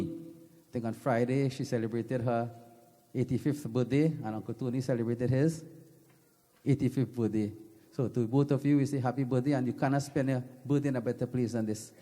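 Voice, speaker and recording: A man's voice: mid-range voice, dark tone. A man making informal, rambling announcements at a religious gathering in a temple. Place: temple hall. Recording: reverberant temple hall.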